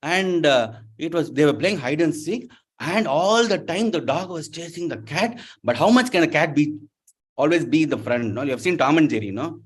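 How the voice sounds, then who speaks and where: A man's voice: a little high, expressive, moderate pace, husky. A man giving a playful, interactive storytelling lecture to a university class, often asking the audience questions. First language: not Telugu. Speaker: guest lecturer.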